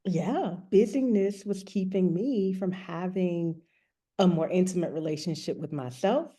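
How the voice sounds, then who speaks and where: A woman's voice: on the low side, a little slow, dark tone, slightly rough. A woman who works as a rest coach and author, frankly and earnestly telling a personal story as an interview guest.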